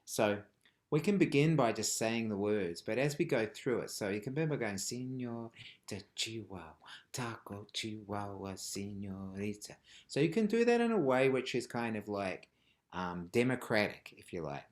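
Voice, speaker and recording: A man teaching a live online rhythm workshop, chanting rhythmic words and dropping from loud calls to whispers. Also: medium pitch, animated, moderate pace. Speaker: music teacher. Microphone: video call.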